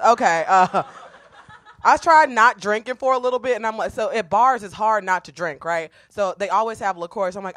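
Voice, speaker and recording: A woman from Chicago doing a loud, brash, self-mocking stand-up set on a comedy club stage, laughing often between jokes. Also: mid-range voice, normal speed, dry recording.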